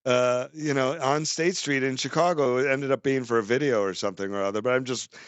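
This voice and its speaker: A man's voice: medium pitch, a little fast, clean tone, no echo. A man hosting a casual podcast, talking loosely with many fillers. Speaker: podcast host. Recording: dull, dry lo-fi sound.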